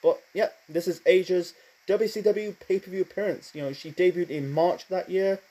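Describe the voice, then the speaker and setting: A man talks through a wrestling show review in a loose, rambling way, full of fillers and side notes. His voice sits a little high for a man, with a mellow, soft tone. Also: steady tone, rough recording. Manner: rambling, many fillers and asides, admits speaking too fast. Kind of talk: casual spoken review monologue.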